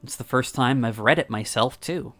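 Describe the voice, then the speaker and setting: A man reading a visual novel aloud on a stream, narrating calmly in the first person. His voice sits in an ordinary middle range. Soft music plays faintly underneath. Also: mid-range voice, normal speed.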